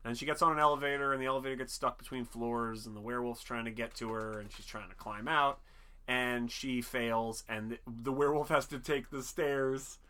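Man, bright tone, casual movie chat, swears a lot, rambling retelling. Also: medium pitch, fairly even intonation, brisk. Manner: rambling, profane, acts out characters in jokey voices. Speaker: podcast co-host.

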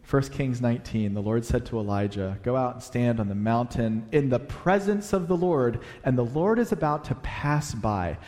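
A man's voice: medium pitch, moderate pace, few pauses. Man preaching in a reverberant hall. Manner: animated, swings between loud emphasis and hushed whispers. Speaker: pastor. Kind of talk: sermon.

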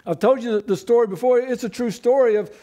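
A man's voice: very high voice, quick pace, warm tone. A man preaching a sermon as pastor, conversational, asking rhetorical questions and teasing the congregation.

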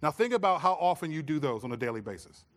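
Talking fast in a slightly high voice, a middle-aged pastor preaches through stories. He animatedly performs his own scolding dad voice.

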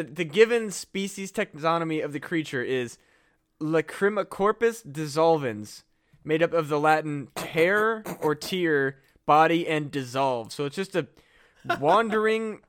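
A man's voice: on the high side, clear, resonant tone. A man co-hosting a comedy podcast, chatting casually, swearing a lot and laughing at his own jokes. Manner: profane, joking, laughs often. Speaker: podcast co-host. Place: Midwest US.

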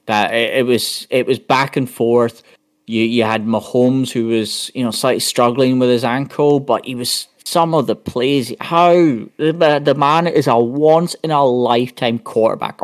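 Man rambling through football stats. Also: mid-range voice. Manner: rambling, full of restarts and stats. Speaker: podcast panelist. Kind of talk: casual sports chat.

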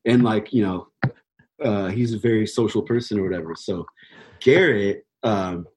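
Young male musician, husky and casual, telling a loose anecdote. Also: lowish voice, normal speed, darkish tone, rough recording. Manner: laid-back, rambling, heavy fillers, swears freely. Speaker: touring band musician. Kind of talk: casual storytelling.

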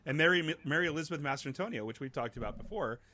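A man co-hosting a casual chat, telling animated stories and laughing often. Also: on the high side, fast talker. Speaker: podcast co-host. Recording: noticeable background noise.

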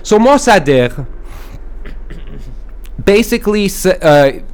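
A man with a slightly high voice that swoops up and down as he rambles through a mock-grandiose, profane comedy bit. He talks like a self-appointed sage, full of restarts and asides. He is podcasting from a studio at night. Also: very animated, slow pace, clear, resonant tone. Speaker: podcast host. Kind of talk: improvised comedic rant in character. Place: studio at night in a big city.

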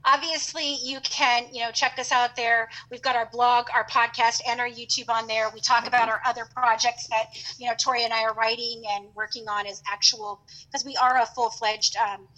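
A woman telling a funny travel story as a podcast guest, chatty and animated with lots of fillers. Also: a little high, normal speed, low-quality recording. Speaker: podcast guest and co-host of her own show. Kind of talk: casual storytelling.

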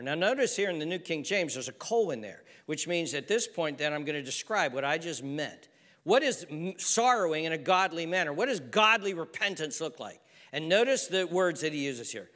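Animated high-voiced preacher in a reverberant hall. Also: male voice, moderate pace. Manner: animated, swinging from loud exhortation to hushed intensity. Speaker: pastor. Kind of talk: sermon.

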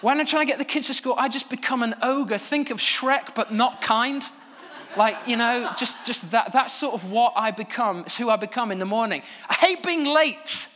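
A man preaching a sermon from a church stage, telling stories at his own expense in a lively way. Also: very high-pitched, moderate pace, big-room sound, slight background noise. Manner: animated, self-deprecating storytelling.

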